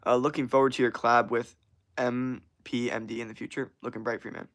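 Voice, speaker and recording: A man's voice: medium pitch, flat delivery, fast talker, fairly bright tone. Young male streamer; casual, rambling, swears a lot, slangy. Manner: rambling, profane, slangy, laughs often. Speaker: streamer answering chat. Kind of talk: casual livestream chat.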